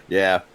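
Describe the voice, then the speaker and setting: A man co-hosting a casual movie review podcast, easygoing, mostly giving short agreeing replies. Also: a bit bright. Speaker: podcast co-host.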